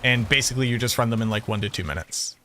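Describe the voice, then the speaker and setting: A man with a Boston accent chatting casually on a game stream, telling animated stories and swearing freely. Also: mid-range voice, fast, a little hiss or hum. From Boston area, USA. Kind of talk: casual live-stream chat.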